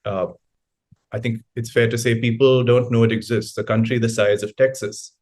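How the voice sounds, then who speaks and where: A man's voice: mid-range voice, flat delivery, moderate pace, a little mellow. A man moderating a festival panel, asking long questions with repeated words. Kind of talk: panel discussion.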